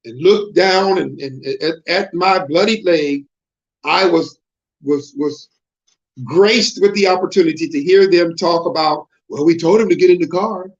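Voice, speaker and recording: High-pitched guy preaching hard, lots of rhetorical questions, kinda muffled lo-fi sound. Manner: impassioned, rhetorical questions, repeats words. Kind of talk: preaching sermon. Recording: dull lo-fi broadcast audio.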